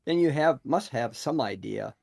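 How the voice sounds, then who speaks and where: Gravelly husky man, lively and argumentative. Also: medium pitch, moderate pace, dry recording, studio quality. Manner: argumentative, pressing questions. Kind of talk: casual chat.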